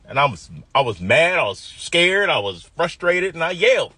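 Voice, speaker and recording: A man's voice: a little high, big pitch swings, normal speed, bright, forceful tone, breathy edge, no room sound. A man in his fifties from the US Midwest, telling a personal story vividly and acting out the quoted voices.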